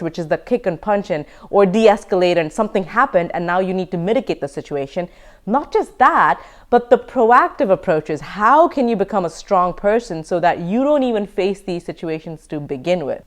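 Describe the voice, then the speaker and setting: Emphatic woman self-defense teacher, lively pitch. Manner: emphatic, energetic, laughs now and then. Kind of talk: online course lecture.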